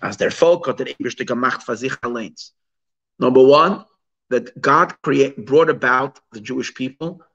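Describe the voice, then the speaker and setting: A man's voice: mid-range voice, measured pace, a bit bright, husky, muffled recording. Man teaching a text study class. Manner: mixes Hebrew and Yiddish terms into English, asks rhetorical questions. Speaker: Torah teacher.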